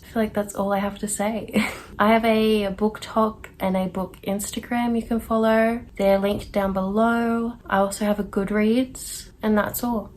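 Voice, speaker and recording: A woman's voice: medium pitch, darkish tone, a little hiss or hum. A woman vlogging about books in a casual, chatty and enthusiastic way, sometimes rambling. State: a bit out of breath. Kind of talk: casual chat.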